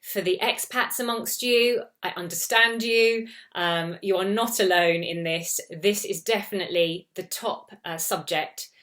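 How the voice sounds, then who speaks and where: A woman's voice: on the low side, a little slow, hardly any pauses, a bit bright. A British woman working as an intercultural trainer, giving advice to camera in a conversational way, with many "you know" fillers. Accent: British English. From Britain. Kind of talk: talking-head advice video.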